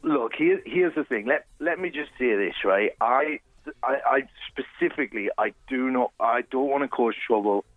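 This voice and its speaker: A man telling stories in a casual radio chat, animated and full of restarts. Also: medium pitch, moderate pace, no echo, narrow, tinny audio, soft background music. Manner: animated storyteller, many restarts. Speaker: guest contestant.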